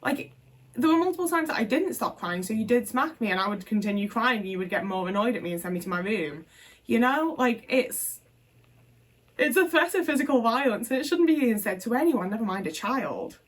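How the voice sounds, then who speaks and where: A woman's voice: a little high, lively intonation, brisk, recorded from a distance. A young woman vlogger telling personal stories frankly to camera, in a casual, conversational way with fillers and the odd swear word. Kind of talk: candid personal storytelling to camera.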